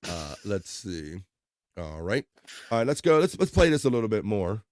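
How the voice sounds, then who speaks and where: A man's voice: on the low side, very animated, moderate pace, no room sound, studio quality. A man hosting a podcast, chatting casually while he plays and comments on video clips, laughing often and trailing off mid-sentence. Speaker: podcast host showing clips.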